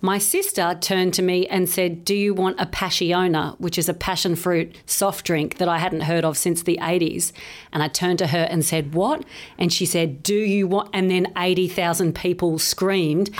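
A woman with an Australian accent, a comedian guest on a podcast, telling animated stories in casual chat. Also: normal speed. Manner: animated storyteller, jumps into high exclaims.

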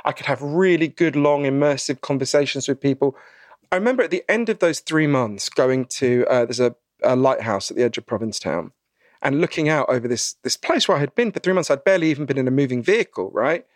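A man being interviewed about his book, telling stories in a lively conversational way and acting out the voices he quotes. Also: medium pitch, fast talker, no echo, clean studio sound. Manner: animated storyteller, acts out quoted voices, frequent "right?".

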